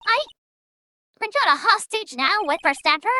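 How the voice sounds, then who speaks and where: A woman voicing a cranky old woman who huffs and gasps between words and shouts threats. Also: animated, normal speed, full character voice. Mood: huffing, ranting. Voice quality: shrill, gasping between words. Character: cranky shrill old woman, huffing and breathless.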